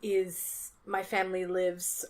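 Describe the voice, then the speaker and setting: A woman co-hosting a casual podcast, enthusiastic and quick to laugh. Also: lowish voice, completely flat delivery. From Ontario, Canada. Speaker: podcast co-host. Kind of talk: casual chat.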